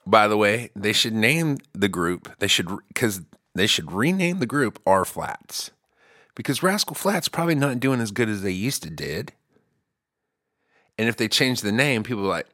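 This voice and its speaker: A man's voice: on the low side, expressive, moderate pace, sharp tone, no echo, clean studio sound. A man hosting a podcast, rambling through a comedic monologue full of goofy asides and jokey tangents, now and then slipping into an exaggerated country drawl. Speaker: podcast host.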